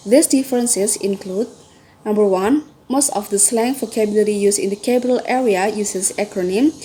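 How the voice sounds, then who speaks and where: A young woman reads her university presentation aloud, steadily counting off points in a mellow, relaxed voice. A light hiss of background noise sits under her voice. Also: medium pitch, normal speed. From Indonesia. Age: young adult. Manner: reads steadily, enumerating items one by one. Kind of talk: read-aloud class presentation.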